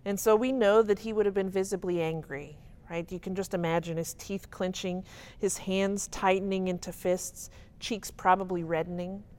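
A woman's voice: medium pitch, steady tone, normal speed, hardly any pauses, a little mellow. A woman teaching a Bible study in a conversational, emphatic way, often checking in with her listeners. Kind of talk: casual teaching talk.

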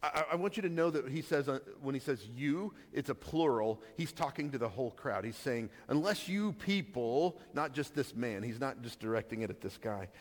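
A man's voice: mid-range voice, fairly quick, hardly any pauses. A pastor giving a conversational sermon, asking the listeners questions and restarting his sentences. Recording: long reverb of a hall.

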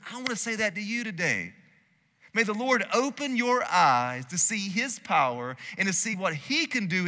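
Male pastor, bright forceful voice, fairly high, emphatic sermon, long church reverb. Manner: emphatic preaching that swings between loud and hushed. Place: church sanctuary.

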